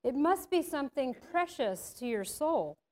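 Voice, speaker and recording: A woman's voice: high voice, big pitch swings. Gabriel, a woman reading a firm, kind angel. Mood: solemn. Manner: firm, solemn, unhurried. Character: firm but kind male angel guardian. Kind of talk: storybook reading.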